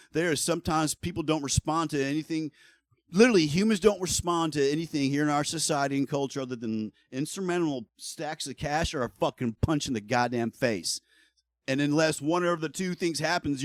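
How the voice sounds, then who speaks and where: A middle-aged man with a mid-range voice talks casually and bluntly on a livestream, ranting heatedly and swearing a lot. The recording is dry.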